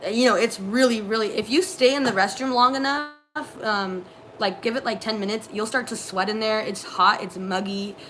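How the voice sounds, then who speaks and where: A young woman co-hosting a casual live stream, telling animated work stories with many fillers. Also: mid-range voice, moderate pace, slight background noise. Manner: animated storyteller, lots of fillers. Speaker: co-host, former theme park custodian.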